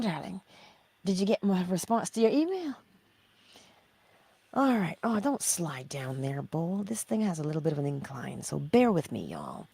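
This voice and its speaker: A woman's voice: on the low side, vocal fry, darkish tone, slightly rough. A middle-aged woman hosting a spiritual teaching livestream, reading viewer chat, affectionate, laughing often and slipping into whispers.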